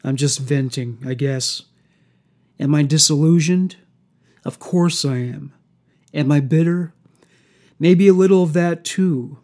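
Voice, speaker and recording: A soft-spoken male killer, coldly calm and mocking, as a man reads him aloud. He talks slowly and unhurriedly. His voice sits slightly high. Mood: bitter.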